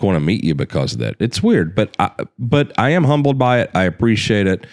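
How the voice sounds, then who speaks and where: A deep-voiced man hosts a loose, profane conversation, his pitch swinging widely as he talks. He laughs easily and keeps things relaxed. The sound is close and dry, with no room echo. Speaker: podcast host and gun company owner. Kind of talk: casual chat.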